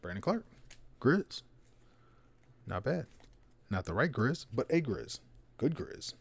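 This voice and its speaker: A man's voice: medium pitch, slow pace, long pauses, dry recording. Slangy man opening cards, dry close mic. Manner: slangy, excited, mutters asides under breath. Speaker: card break host. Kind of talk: casual card-opening commentary.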